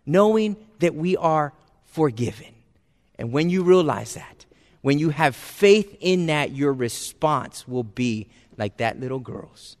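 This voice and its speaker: High-voiced preacher in an echoing church. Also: male voice. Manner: earnest, builds from hushed to fervent. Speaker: pastor. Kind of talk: sermon.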